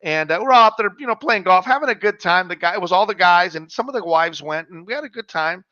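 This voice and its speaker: A man's voice: high voice, expressive, fast, pushed and bright, no echo, muffled recording. A middle-aged man co-hosting a podcast, chatting casually, swearing freely and calling his friend "man" and "dog". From Mexican heritage. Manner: laid-back storyteller, swears freely, says "man" and "dog". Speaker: podcast co-host.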